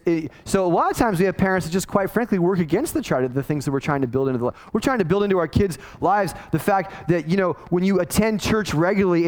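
A middle-aged man, a pastor, preaching a sermon in a casual, conversational way and acting out the people he quotes. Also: high voice. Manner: conversational, animated, acts out quoted voices.

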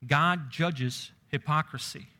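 A man's voice: a little high, slow, bright, forceful tone. A man preaching a sermon in a conversational way, raising his voice when quoting scripture.

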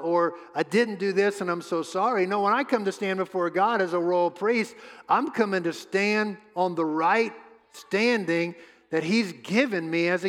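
A man preaching a sermon as pastor, emphatic, repeating his words and pausing often. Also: sits high, fairly bright tone. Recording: long hall reverb.

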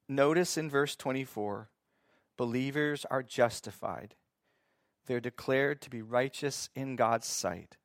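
A man teaching from the Bible in a sermon, reading scripture slowly and asking his listeners questions that he then answers himself. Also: medium pitch, no echo, studio quality. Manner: reads scripture slowly and deliberately. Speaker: preacher.

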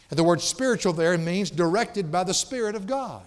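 A pastor preaching a sermon in a church sanctuary, emphatic and folksy, with playful asides. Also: male voice, high-pitched, lively intonation, a little fast, few pauses. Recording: long hall reverb.

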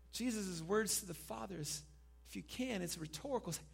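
A male pastor preaching a sermon, dropping to a hush and then rising loud, and leading the congregation in call and response. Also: fairly high pitch, brisk, creaky, breathy edge. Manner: dynamic preaching, swinging from hushed to loud.

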